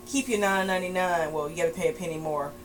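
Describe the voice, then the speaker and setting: A woman with a lowish voice trades blunt, teasing quips about wrestling. She speaks in a casual, offhand way, with a steady hum running behind her. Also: quick pace, low-quality recording. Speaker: podcast co-host.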